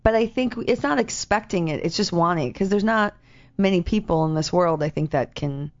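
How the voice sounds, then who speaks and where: A woman chatting casually in an animated, rambling way, often laughing as she talks. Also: fairly low pitch, fairly quick. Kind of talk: casual chat. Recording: dull lo-fi sound.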